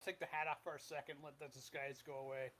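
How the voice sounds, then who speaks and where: Male player; casual, hesitant, thinking out loud, voice a touch high. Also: little pitch movement, fast talker, low-quality recording. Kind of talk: tabletop game play.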